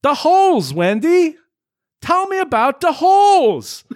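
A man mocking a panicky male movie hero with frantic, shrill yelling. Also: very animated, slow pace, full character voice. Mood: desperate.

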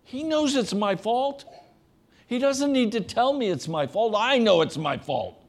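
A middle-aged man preaching a sermon as pastor, earnest, often dropping to a soft, low voice. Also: expressive, a little slow.

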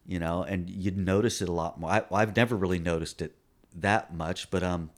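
Low-voiced middle-aged man, rambling. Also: steady tone, normal speed. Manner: rambling, laid-back storyteller. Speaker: guest musician. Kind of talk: casual chat.

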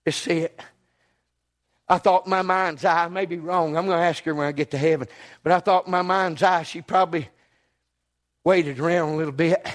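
Preacher man, high voice, folksy, goes from whisper to hollering. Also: steady tone, moderate pace, pauses often. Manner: folksy, emphatic, swings from hushed to shouting. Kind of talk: storytelling sermon.

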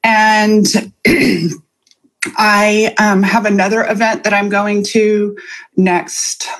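A woman's voice: medium pitch, flat delivery, very slow. A woman hosting a live podcast episode, talking casually with frequent ums and light laughs as she goes through her notes. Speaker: podcast host and coach.

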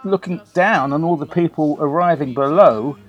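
A man's voice: a little high, normal speed, highs cut off, soft background music. An older man from England recounting a story in a chatty, anecdotal way, with fillers and restarts. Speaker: guest. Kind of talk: conversational storytelling.

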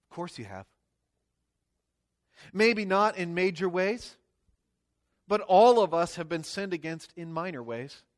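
A pastor preaching to a congregation in a church, his voice sitting fairly high for a man. He talks the way you would chat with friends, often tagging his points with little questions. When he reads scripture his voice swells with emphasis. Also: lively intonation, unhurried, long pauses. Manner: conversational, tags lines with "okay?" and "right?". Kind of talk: sermon. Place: church sanctuary before a congregation.

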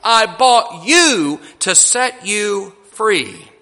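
A man voicing a kind young gold miner in a sermon story, speaking slowly and gently. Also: high voice, in a large hall, heavily acted. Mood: gentle. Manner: calm, slow, earnest.

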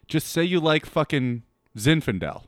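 A man co-hosts a podcast in loose, casual chat. His pitch jumps around a lot, and his talk is blunt, teasing and full of swearing. The sound is dry and close. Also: sing-song, unhurried, no echo. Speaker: podcast co-host.

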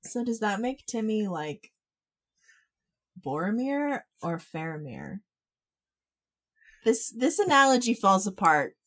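A woman's voice: mid-range voice, very animated, takes it slowly, long pauses, a bit bright. A woman co-hosting a podcast, reacting and laughing in casual chat. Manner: giggly, reactive. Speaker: podcast co-host.

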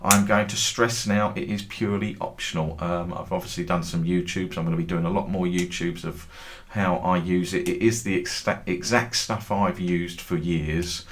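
A man's voice: sits low, fairly even intonation, normal speed, hardly any pauses, a little hiss or hum. A middle-aged man who hosts a football trading group, telling meandering anecdotes with dry humour and casual swearing.

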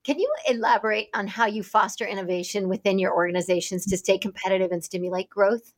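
A woman's voice: mid-range voice, fairly even intonation, fast talker. Woman host asking questions. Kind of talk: interview questions.

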